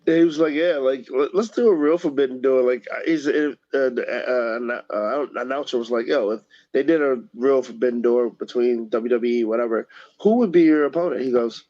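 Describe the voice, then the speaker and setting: A man's voice: mid-range voice, brisk, darkish tone, dull audio. A man co-hosting a wrestling podcast, easygoing and laughing often in casual chat. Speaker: podcast co-host.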